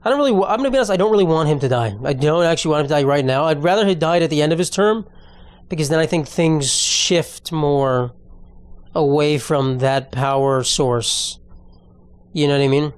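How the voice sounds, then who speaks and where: A man's voice: fairly high pitch, fairly quick, clean tone, no echo. Slangy young man riffing on news. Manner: reads news aloud and riffs with slangy asides. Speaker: podcast host. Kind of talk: casual comedic commentary.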